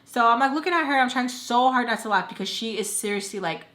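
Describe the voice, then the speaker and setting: A young woman casually telling a long personal story, animated and slipping into voices for the people she quotes. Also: on the high side, fast talker. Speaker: storytime vlogger.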